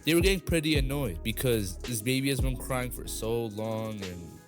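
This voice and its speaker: A man's voice: medium pitch, lively intonation, moderate pace. A young man telling a story casually, rambling with lots of fillers and some swearing. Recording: music playing underneath.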